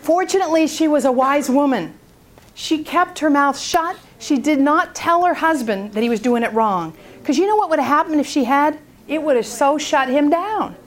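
A woman speaking at a prayer seminar, telling a story in an animated way and acting out its people. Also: high voice, normal speed, some chatter behind.

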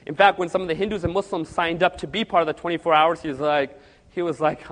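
A male preacher telling a story in a sermon, animated and acting out the quoted speech. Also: fairly high pitch, fast. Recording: long hall reverb.

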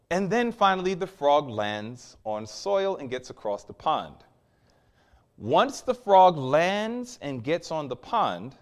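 Male preacher breaking down scripture, voice jumps all over, kinda high, keeps asking the crowd stuff. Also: unhurried. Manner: animated, emphatic teaching with rhetorical questions. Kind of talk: sermon.

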